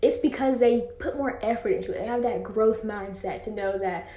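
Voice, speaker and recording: A woman's voice: medium pitch, normal speed, warm tone, reverberant. A teenage girl hosting her own podcast, chatting casually with lots of filler words. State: slightly out of breath. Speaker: podcast host. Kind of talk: casual solo podcast chat. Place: home room, indoors.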